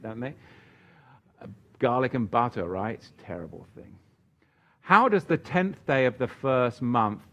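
Male preacher fielding live viewer questions; low-voiced, emphatic, jokey asides, dull lo-fi stream sound. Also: a bit bright. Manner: emphatic, chatty asides and joking. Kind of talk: livestream Bible Q&A.

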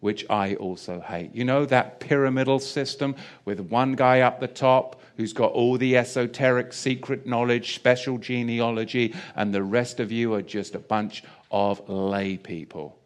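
A man's voice: mid-range voice, steady tone, measured pace, hardly any pauses, clear, resonant tone. A man preaching a sermon in a chatty, self-deprecating way with jokey asides. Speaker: pastor.

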